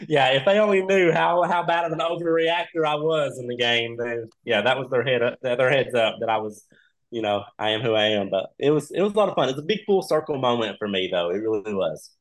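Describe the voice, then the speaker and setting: Animated, laughing male storyteller. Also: medium pitch, a little fast, poor audio. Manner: animated, laughs often, acts out quoted voices. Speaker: reality show contestant, podcast guest. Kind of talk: casual storytelling chat.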